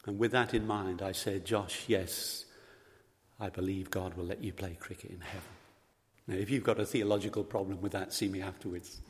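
A man's voice: low-pitched, steady tone, moderate pace. A man preaching a sermon, telling a story and speaking in a pastoral, reflective way to the congregation. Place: church. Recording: long hall reverb.

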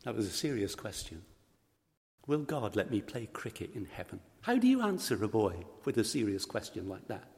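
A man's voice: lowish voice, very animated, moderate pace, a little mellow. A man preaching a sermon, telling a story and speaking in a pastoral, reflective way to the congregation. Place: church. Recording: long hall reverb.

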